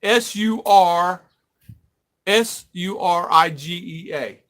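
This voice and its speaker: Rambling middle-aged American livestream host. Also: male voice, high-pitched, takes it slowly, fairly bright tone. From United States. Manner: rambling, reads viewer comments aloud. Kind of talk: casual live-stream chat.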